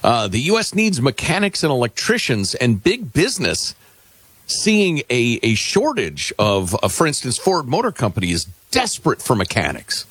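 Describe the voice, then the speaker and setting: A man's voice: medium pitch, wildly swooping pitch, normal speed, a bit bright, slightly rough, no room sound. A middle-aged man hosting talk radio in casual chat, dry and sarcastic, with many fillers and restarts.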